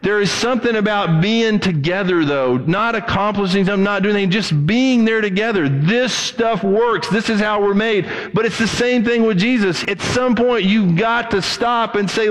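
A middle-aged man preaching a sermon as pastor, animated and acting out the voices he quotes. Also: high-pitched, normal speed, few pauses, in a large hall, low-quality recording.

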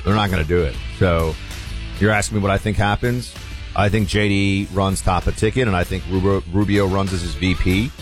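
A man's voice: low voice, steady tone, brisk, over music. A male radio talk host, chatting loosely with fillers as he takes calls.

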